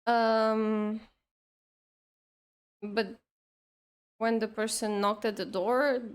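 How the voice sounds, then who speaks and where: A woman's voice: fairly high pitch, little pitch movement, drawn-out words, clean tone. A woman telling a long story in casual chat, rambling with lots of "like" and restarts. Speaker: streamer.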